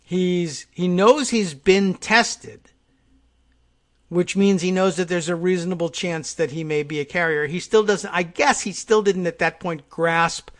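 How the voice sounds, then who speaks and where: Sardonic male political talk host. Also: high voice. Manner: sardonic, halting with restarts. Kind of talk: casual political commentary monologue.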